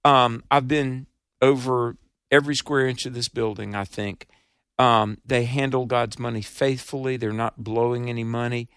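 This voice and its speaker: A man's voice: mid-range voice, flat delivery, normal speed, a bit bright, clean tone, no echo, studio quality. A man with a Southern accent, hosting a radio ministry fundraiser in an earnest, emphatic, preacherly way.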